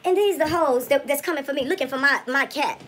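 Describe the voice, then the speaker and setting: A woman doing a shrill foul-mouthed vlogger diva. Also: quick pace, a bit bright, low-quality recording. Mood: furious. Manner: profane, insult-hurling trash talk. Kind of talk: comedic spoof rant.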